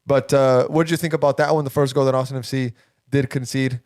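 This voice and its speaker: A man hosts a sports podcast in lively casual chat. His voice is smooth and clear. He argues back keenly, and the close mic keeps the sound dry. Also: mid-range voice, fast, no room sound. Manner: chatty, animated, argumentative. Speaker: podcast host.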